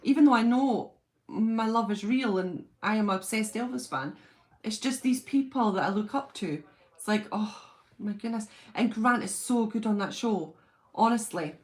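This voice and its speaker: A woman with a British accent hosting a live stream from home, chatting casually and reading out viewer comments in a gushing, excitable way. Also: fairly high pitch, moderate pace. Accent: British English.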